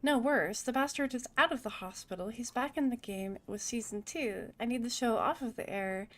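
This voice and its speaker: A woman's voice: normal speed, lightly acted. A woman doing a nasal, fake-New-York sleazy boss. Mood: wheeling-dealing. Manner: high and nasal, mock New York accent. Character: rotund male film-studio boss, oily and pushy. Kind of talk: reading game dialogue aloud.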